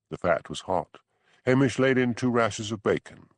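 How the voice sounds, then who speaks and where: A man reading an audiobook narration in a measured, expressive storytelling manner. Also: medium pitch, no echo. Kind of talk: scripted narration.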